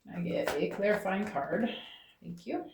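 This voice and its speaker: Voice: mid-range voice, animated, normal speed, vocal fry, a little hiss or hum. Echoey tarot reader checking in with "okay?". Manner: talks aloud to Spirit, tags phrases with "okay?". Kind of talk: channeled tarot reading to viewers. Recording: roomy echo.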